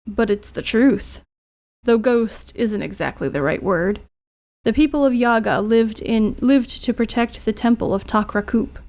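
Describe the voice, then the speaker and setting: A woman reading game dialogue as a gentle, apologetic spirit of a young man, speaking soft and solemn. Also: fairly high pitch, measured pace.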